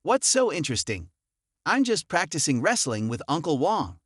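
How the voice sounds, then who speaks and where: A man voicing a calm, morally rigid young man who speaks firmly. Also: on the high side, normal speed, husky, no room sound, clean studio sound.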